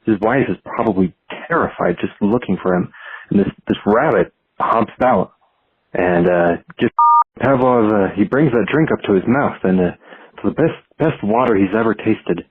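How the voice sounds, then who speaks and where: A man leaving a voicemail, telling an improvised story in a halting, stumbling way. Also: on the low side, husky, no room sound. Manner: halting, many restarts. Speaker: caller. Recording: tinny dry phone voicemail.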